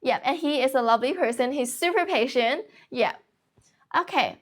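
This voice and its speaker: A young woman in her late teens hosting a casual livestream, talking quickly and continuously with few pauses. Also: sits high. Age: young adult. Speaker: livestream host teaching English.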